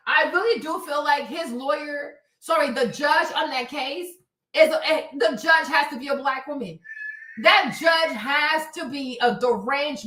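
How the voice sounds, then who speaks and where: A high-voiced woman rants through a livestream commentary, swearing freely and hammering her points with repetition. Her voice rings around a hollow, echoey room. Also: a bit bright. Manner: profane, emphatic, repeats herself for emphasis. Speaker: livestream host. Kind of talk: heated commentary rant.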